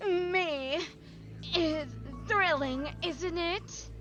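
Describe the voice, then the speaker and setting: A woman voicing a pompous, vain female sea witch in a drawn-out, lowered diva manner, in a self-described terrible impression. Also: lo-fi sound, over music, full character voice. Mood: grandiose.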